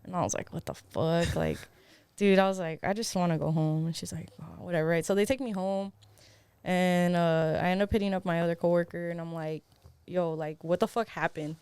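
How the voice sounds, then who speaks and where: A woman's voice: lowish voice, a little fast, a little mellow, clean tone, no room sound. Laughing young woman telling a casual story. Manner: loose and laughing, swears freely, heavy on "like". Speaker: podcast co-host. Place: podcast studio.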